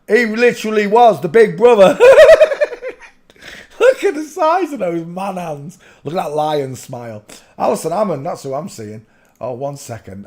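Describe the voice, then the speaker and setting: A man hosting a rambling livestream chat from a room at home, often bursting out loudly. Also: a little high. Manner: rambling, with sudden loud outbursts. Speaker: livestream host.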